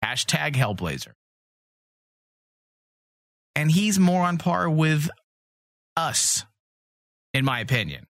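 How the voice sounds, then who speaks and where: A man's voice: on the high side, animated, takes it slowly, long pauses, no room sound, clean studio sound. A man hosting a comics podcast, talking in blunt, profane, rambling casual chat. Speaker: podcast host.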